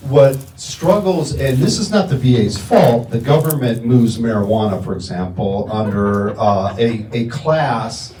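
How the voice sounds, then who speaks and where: A man with a mellow, dark voice explains policy at a conference, stopping and restarting as he goes. He sounds distant in an echoey room with faint background noise. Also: medium pitch. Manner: halting, explanatory, restarts often. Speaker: panelist answering audience questions.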